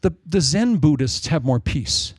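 A male pastor preaching a sermon in an excitable way, wandering off into jokey asides. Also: on the high side, measured pace, husky, no room sound.

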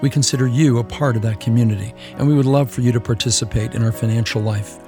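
A man preaching a sermon as pastor, animated and playful, acting out little quoted exchanges. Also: mid-range voice, fast, soft background music.

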